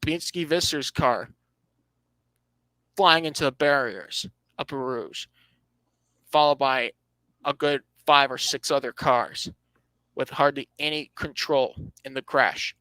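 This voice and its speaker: A man's voice: medium pitch, takes it slowly, pauses often, pushed and bright, no echo, low-quality recording. A man hosting a casual motorsport podcast, reading out standings and giving his opinions with dry sarcasm, often restarting his phrases. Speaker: podcast host.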